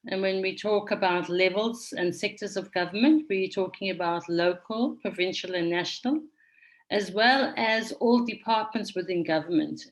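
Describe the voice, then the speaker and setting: Woman facilitator, mid pitch, measured and orderly, video-call session host. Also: poor audio. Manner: measured, orderly, reads names from the chat. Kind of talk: moderating an online conference session.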